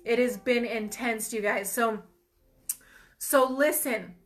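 A woman's voice: on the high side, slow pace, soft background music. A young woman hosting a faith talk, sharing an earnest, emotional personal testimony and calling her viewers "you guys". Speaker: ministry host.

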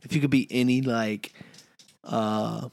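A man's voice: medium pitch, steady tone, measured pace, creaky, darkish tone, no echo. A young man co-hosting a casual podcast, teasing and joking with his co-host. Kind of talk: casual chat.

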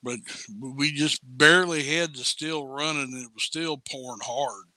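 A man, a guest distiller, telling stories in a casual, blunt, salty way that turns animated when he retells events. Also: medium pitch, measured pace, no room sound. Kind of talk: casual storytelling.

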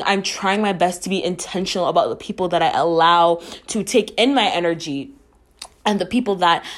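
A young woman talks through a personal subject on her own podcast. Her voice sits a bit low, and she takes her time. She is earnest and reflective, drops casual swearing, and is emotional at times. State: emotional, near tears at times. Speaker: podcast host.

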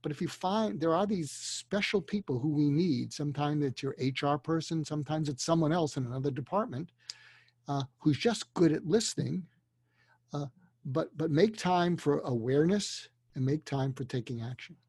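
An older man talks as a guest, patiently explaining and coaching. His voice is husky, with a slight breathiness. The recording is dry and close. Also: on the high side, lively intonation, normal speed, no room sound. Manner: earnest, explanatory, gently coaching. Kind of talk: conversational advice.

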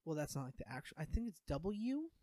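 Young male co-host, high-pitched, loose jokey chatter, dry recording. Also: very animated, brisk, dark tone, no room sound. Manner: joking, rambling, swears a lot. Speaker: podcast co-host. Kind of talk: casual chat.

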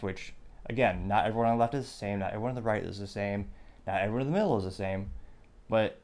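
Low-voiced sarcastic podcast host. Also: male voice, a little mellow. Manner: sarcastic, wry asides. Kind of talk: opinionated news commentary.

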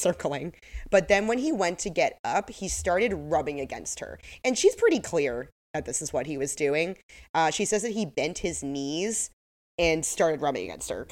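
A woman co-hosting a podcast with a somewhat low voice for a woman. She recaps a TV episode in easy, casual chat. Her humor is dry and sarcastic, and she often laughs at her own jokes. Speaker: podcast co-host.

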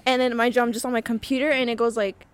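A woman's voice: a little high, level tone, quick pace. Rambling young-sounding woman telling a story. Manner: rambling, filler-heavy storytelling. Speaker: podcast co-host. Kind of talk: casual chat, storytelling.

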